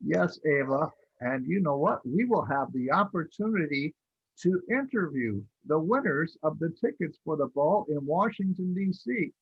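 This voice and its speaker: A man co-hosting a scripted talk show, effusive in manner and spelling out addresses slowly. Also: a little high, lively intonation, slightly rough, no room sound. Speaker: co-host. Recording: dull lo-fi recording, dry.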